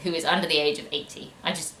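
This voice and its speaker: A woman's voice: low-pitched, fairly even intonation, quick pace, pushed and bright, a little hiss or hum. A woman ranting sarcastically about a book in a casual review, full of fillers. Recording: echoey room.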